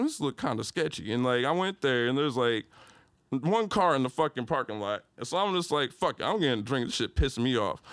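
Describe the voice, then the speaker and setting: A young man from Detroit guests on a podcast, spinning a story in casual slang and switching to loud, high-pitched replays of what happened. There's no echo.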